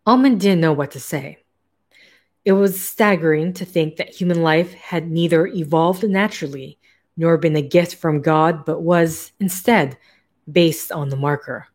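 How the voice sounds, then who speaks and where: A woman reading a novel aloud in a casual, steady way, now and then breaking off for offhand asides. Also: low-pitched, unhurried. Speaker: narrator.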